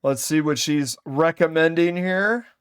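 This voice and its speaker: A male streamer reacting to a video in casual chat. He is slangy, keeps saying "dude" and thinks out loud. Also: fairly high pitch, unhurried, clear, resonant tone.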